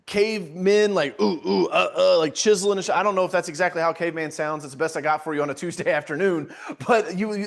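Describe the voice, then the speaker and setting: A man coaching business owners in a live webinar, energetic and joking, repeating points to drive them home. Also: sits high. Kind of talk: webinar presentation.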